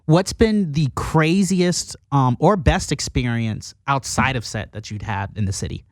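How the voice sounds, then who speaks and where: A male interviewer keeps the chat loose and playful, slipping jokes in between his questions. His voice sits at an ordinary middle pitch. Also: a little slow, no echo, studio quality.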